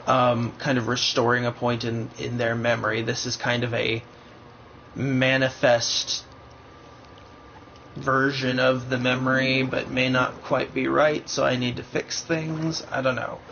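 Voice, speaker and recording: Young male streamer, gravelly, muttering and thinking aloud; muffled home mic with faint hiss. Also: mid-range voice, level tone, unhurried, sharp tone. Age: young adult. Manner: thinking aloud, rambling and hesitant. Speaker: livestreamer playing a game. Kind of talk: live gameplay commentary.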